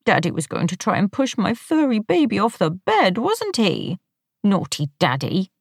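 A woman's voice: medium pitch, huge pitch swings, moderate pace, creaky, dry recording, clean studio sound, voice pushed up, heavily acted. A woman voicing a fussy middle-aged wife, cooing at her cat in a grating little-girl voice. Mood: baby-talking.

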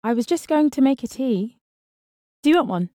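A woman voicing a quick, wry young woman who teases in a dry, quick way. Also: high-pitched, lively intonation, mellow, dry recording, voice pushed up.

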